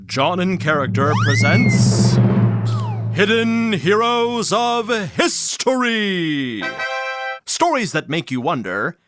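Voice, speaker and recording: Man as a theatrical show announcer, slow and grand, wide-ranging pitch. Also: huge pitch swings, over loud music, exaggerated voice. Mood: announcing.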